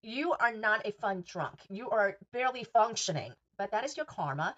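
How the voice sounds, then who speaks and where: A woman's voice: mid-range voice, lively intonation, moderate pace, a bit bright, dull audio. A woman hosting a podcast, recapping reality TV gossip in a sassy, profane and emphatic way. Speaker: podcast host.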